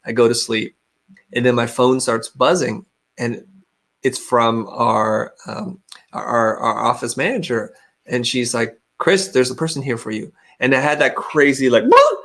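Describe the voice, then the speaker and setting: A middle-aged man speaks over a video call in a candid, storytelling way. His pitch sits mid-range, and he often restarts his sentences as he works through a story. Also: fairly even intonation, unhurried, fairly bright tone. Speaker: guest. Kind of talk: webinar interview.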